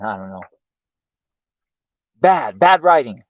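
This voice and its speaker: A man's voice: mid-range voice, very animated, slow pace, no room sound. Profane ranting man on a lo-fi stream. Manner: profane, exasperated, repeatedly asking why. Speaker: livestream host. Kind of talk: ranting commentary. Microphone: home streaming mic. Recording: dull lo-fi stream audio.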